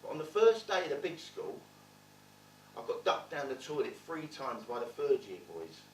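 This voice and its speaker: A man's voice: mid-range voice, sing-song, normal speed, slight background noise, natural voice. An actor as a wry man telling his story. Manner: wry, blunt, swearing storyteller. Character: streetwise London man recalling his rough childhood. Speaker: stage actor in a one-man play. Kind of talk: theatrical monologue storytelling. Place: theatre stage. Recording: roomy theatre, distant mic.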